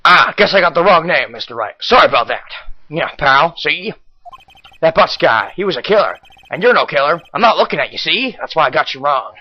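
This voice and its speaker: A man plays a gruff, bossy police detective from an old-school crime caper, talking in gangster slang. The voice sits a little high, bright and lively. It sounds dull and lo-fi, with faint game music under it. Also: a little fast. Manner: old-timey gangster talk, tacks on "pal" and "see?". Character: gruff tough-guy male police detective.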